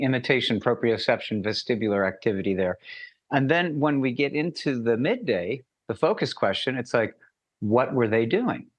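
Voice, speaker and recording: Animated male storyteller acting out dialogue. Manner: animated, acts out dialogue with lively pitch jumps. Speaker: interviewer and mentoring teacher. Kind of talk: casual interview storytelling.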